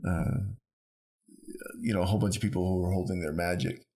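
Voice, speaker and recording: Rambling, animated male podcast co-host. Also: low voice, a little fast. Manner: rambling, animated storyteller who acts out quotes. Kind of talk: casual conversation.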